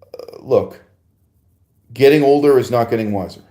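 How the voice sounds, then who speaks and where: A man's voice: medium pitch, normal speed, dark tone, echoey room. A man hosting a podcast, answering a listener's email in a digressive, emphatic philosophical monologue with frequent laughs and rhetorical asides.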